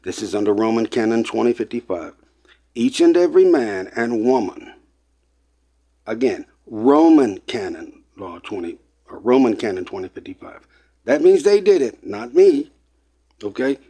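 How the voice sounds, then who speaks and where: A man's voice: mid-range voice, big pitch swings, normal speed, mellow. A man delivering an impassioned, lecturing monologue, repeating points and getting worked up as he talks to his listeners. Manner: emphatic, repetitive, gets worked up; lecturing, addresses listeners as people. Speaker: online presenter.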